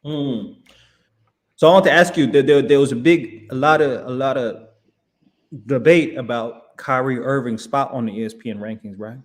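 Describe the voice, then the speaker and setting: A man co-hosting a casual sports chat, speaking quietly with short reactions. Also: medium pitch, moderate pace.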